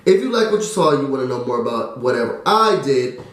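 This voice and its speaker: A man recapping a TV show in a casual, excitable chat, trailing off with fillers. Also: medium pitch, fairly quick. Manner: chatty and excitable, drops fillers and "da, da, da". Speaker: TV recap vlogger. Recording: very echoey room.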